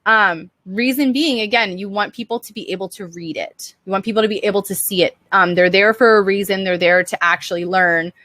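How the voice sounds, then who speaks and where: A woman's voice: mid-range voice, a little fast, few pauses, fairly bright tone, no echo. A young woman teaching design on a casual live stream, chatty and upbeat, answering viewer questions with lots of "um" and "like".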